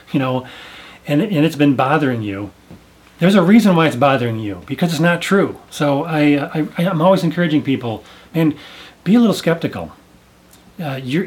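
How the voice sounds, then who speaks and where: Man, earnest, emphatic, hesitant, religious commentary, mid pitch. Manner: earnest, searching for words, emphatic. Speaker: host.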